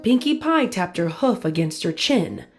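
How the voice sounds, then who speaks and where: A woman reads a pony fan story aloud in an even, storytelling manner. Her voice sits at a middle pitch. Faint music plays behind her. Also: measured pace. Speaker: fanfic narrator. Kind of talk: storybook reading.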